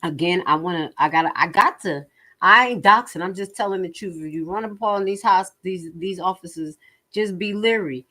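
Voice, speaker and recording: A woman's voice: fairly low pitch, normal speed. Blunt, profane woman commentator. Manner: blunt, profane, animated asides. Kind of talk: casual livestream commentary.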